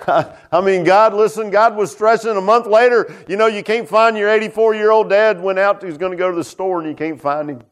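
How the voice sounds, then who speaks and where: A middle-aged man preaching a folksy testimony sermon, repeating "man" and "huh?", swinging between loud preaching and hushed low tones. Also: fairly even intonation, a little fast. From Virginia.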